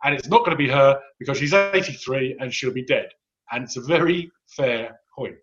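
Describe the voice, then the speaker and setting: A man's voice: mid-range voice, normal speed, a bit bright, dull audio. A man in his fifties, a guest commentator, talking in a wry, sardonic way with frequent restarts in casual political chat. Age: 50s.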